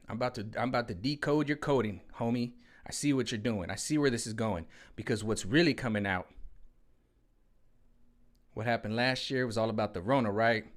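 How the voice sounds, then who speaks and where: A man talks straight to his own mic in a hot room at home, sweating but pressing on. His rant is loose and slangy, and he keeps circling back to the same catchphrases. His pitch sits in the middle range. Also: a bit bright. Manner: rambling, slangy, repeats "you know what I'm saying". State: sweating in the heat. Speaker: vlogger. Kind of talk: casual political rant.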